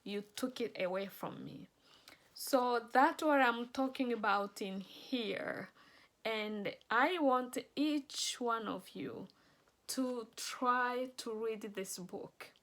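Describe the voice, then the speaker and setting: Earnest, slow-spoken woman author. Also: fairly high pitch, a bit bright. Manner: earnest, emphatic, emotional. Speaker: author promoting her books. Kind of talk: personal testimony vlog.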